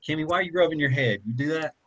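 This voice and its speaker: A man's voice: a little high, racing, fairly bright tone, rough recording. A man teaching a public speaking class in a casual, conversational way, often checking in with "okay?" and "right?". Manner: conversational, repeats points, asks okay and right. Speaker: college public speaking instructor.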